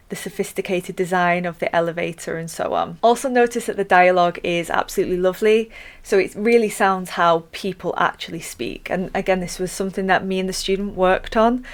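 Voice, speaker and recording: A woman teacher explaining a student's narrative in a lesson, reading lines from it aloud as she goes. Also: lowish voice. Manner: explains clearly, reads quoted lines aloud. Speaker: English teacher. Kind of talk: lesson commentary on a student story.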